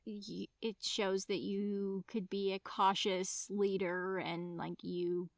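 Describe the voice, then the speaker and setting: A woman's voice: mid-range voice, little pitch movement, takes it slowly, vocal fry, dry recording, clean studio sound. A woman co-hosting a casual book podcast, agreeing eagerly and reasoning through her views. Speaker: podcast co-host.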